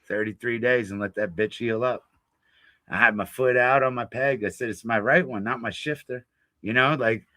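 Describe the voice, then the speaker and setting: A man's voice: mid-range voice, sharp tone, no room sound. A man guest telling a rowdy road-trip story in casual chat, swearing and laughing freely. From Florida. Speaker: blues musician guest.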